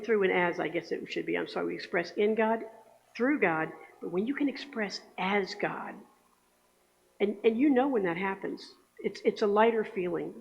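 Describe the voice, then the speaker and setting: A woman's voice: mid-range voice, creaky, a little hiss or hum. Lady giving a chatty sermon in a church, long echo, kinda dull muffled sound. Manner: chatty, asks the congregation for agreement. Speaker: speaker giving the Sunday message. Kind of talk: conversational sermon. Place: church sanctuary. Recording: echoey hall, dull lo-fi sound.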